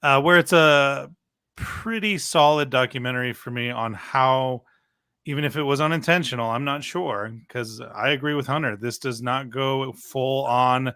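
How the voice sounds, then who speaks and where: Brief: middle-aged Canadian man, podcast guest, bright forceful tone, dry close sound, animated storyteller. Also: mid-range voice, moderate pace, smooth, dry recording. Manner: animated, acts out quotes in mock voices. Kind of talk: casual podcast chat.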